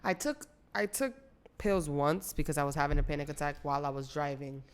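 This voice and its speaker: A woman co-hosting a casual podcast chat, listening supportively and sharing her own experience haltingly. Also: low-pitched, clean tone. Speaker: podcast co-host.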